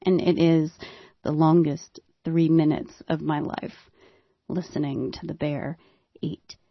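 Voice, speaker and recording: A woman telling a first-person story, building suspense and dropping to hushed tones. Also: sits low, fairly even intonation, slow pace, gravelly, no room sound, dull audio.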